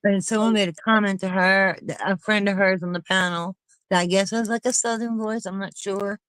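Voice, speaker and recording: A woman's voice: medium pitch, steady tone, moderate pace, a bit bright, clean tone, no room sound, poor audio. Fired up lady ranting to her friends, dry close sound. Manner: indignant, emphatic ranting. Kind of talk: casual chat with friends.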